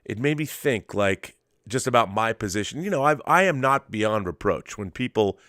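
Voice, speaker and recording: A man's voice: lowish voice, expressive, normal speed, a bit bright, no echo. A middle-aged man hosting a late-night casual monologue from his home studio, rambling and restarting his sentences. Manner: rambling, restarts often, drops to a murmur with his dog. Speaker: host.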